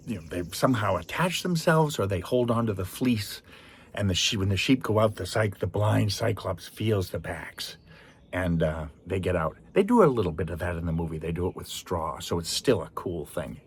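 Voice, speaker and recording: A man's voice: deep voice, slightly rough. A man giving a chatty, digressive film review in which he animatedly retells the story. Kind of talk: casual spoken review.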